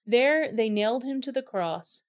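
A woman reading a scripture passage aloud, in plain, steady narration. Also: fairly high pitch, measured pace. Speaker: scripture reader.

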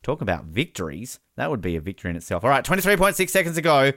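A man hosting a casual sports podcast, with jokey, excitable live commentary. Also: mid-range voice, very fast, no room sound, clean studio sound. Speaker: podcast host.

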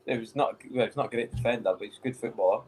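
A man's voice: medium pitch, very fast, a little mellow, slight background noise, low-quality recording. A man with a Scottish accent, a former footballer co-hosting a podcast, chatting in laid-back banter. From Scotland. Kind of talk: casual chat.

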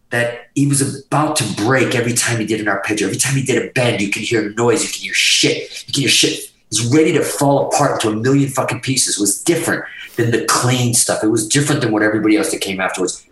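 A man from Massachusetts telling profane, animated stories as a guest on an interview show. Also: mid-range voice, quick pace, echoey room, far from the mic, rough recording. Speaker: guest guitarist. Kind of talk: casual storytelling interview.

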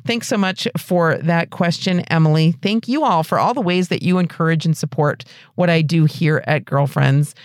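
Earnest encouraging woman podcast host, dry close mic. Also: dry recording. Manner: warm, encouraging, earnest; lively pitch rises. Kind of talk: advice podcast, answering a listener question.

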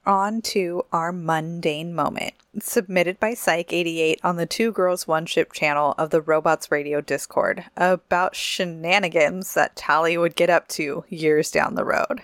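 Lower-pitched woman podcast co-host. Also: steady tone, measured pace, few pauses, fairly bright tone, dry recording, studio quality. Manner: chatty, giggly, reads listener submissions. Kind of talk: casual chat.

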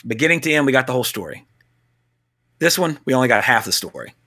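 A man co-hosting a casual film talk, blunt and animated, swearing now and then. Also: medium pitch, quick pace, slightly rough. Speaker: podcast co-host.

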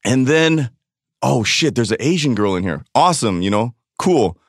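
Profane male storyteller from LA, middle pitch, dry studio mic. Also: lively intonation, normal speed, no room sound. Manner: blunt, profane storyteller who acts out quotes. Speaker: podcast guest. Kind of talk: casual podcast chat.

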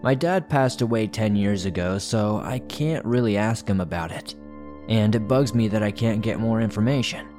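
A man hosting a horror story show, narrating listener-submitted stories in a measured way. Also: lowish voice, darkish tone, faint music behind.

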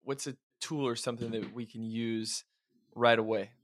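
A man's voice: medium pitch, level tone, normal speed, dry recording, clean studio sound. A man co-hosting a podcast, affirming and enthusiastic in casual chat. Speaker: podcast co-host.

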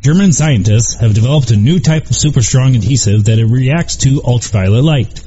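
A man's voice: medium pitch, dark tone, slight background noise. A man co-hosting a radio show, reading out news headlines steadily with small stumbles. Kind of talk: read-out news segment. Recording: dull lo-fi sound.

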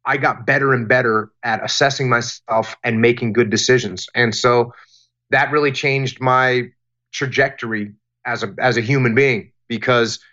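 A man answering interview questions about leadership in a deliberate, emphatic way, often repeating phrases for emphasis. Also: mid-range voice, steady tone, pushed and bright, highs cut off. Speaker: guest, former military leader.

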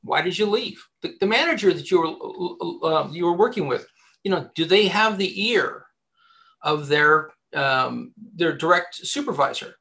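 A man with a slightly raised voice explains job-hunting tactics in a loose, conversational interview. He talks with lively energy, repeating words and restarting sentences as he thinks aloud. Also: on the high side, unhurried, creaky. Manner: animated, chatty, many restarts and repeated words. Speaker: headhunter giving job-search advice. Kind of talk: casual advice interview.

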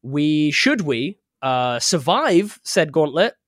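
A man's voice: a little high, sing-song, slow pace, fairly bright tone, no echo, studio quality. A man hosting a podcast and running a tabletop game as dungeon master, chatting casually and laughing often. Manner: laughing, playful, rambling.

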